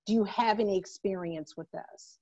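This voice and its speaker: A woman moderating a virtual panel, speaking in a measured way as she puts questions and sums up the points. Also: mid-range voice, dark tone. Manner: measured, summarizing. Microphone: video call. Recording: muffled video-call audio.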